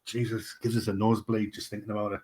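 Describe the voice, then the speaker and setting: A man's voice: lowish voice, flat delivery, fast, a loud crowd. Blunt, joking male podcast co-host. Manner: blunt, banter-heavy, swears casually. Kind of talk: casual chat.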